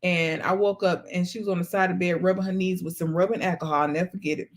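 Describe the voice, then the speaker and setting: Lively woman telling family stories. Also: on the low side, fast. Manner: lively storytelling, breaks into song. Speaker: vlog host. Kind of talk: casual chat.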